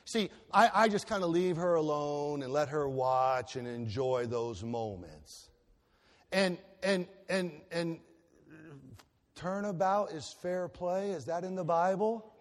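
High-voiced animated preacher in a reverberant hall. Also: male voice, measured pace. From Ohio, USA. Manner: animated storytelling with shifts between loud and soft. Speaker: pastor. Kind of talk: sermon. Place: church sanctuary. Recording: long reverb of a large hall.

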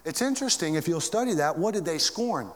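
A male pastor preaching a sermon to his church, with big swings in pitch and volume. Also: animated, brisk, long reverb tail.

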